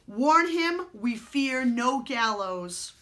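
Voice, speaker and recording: A woman voicing a big, boastful male outlaw who talks in loud, rough, rustic speech. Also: fairly high pitch, animated, very slow, full character voice. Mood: menacing.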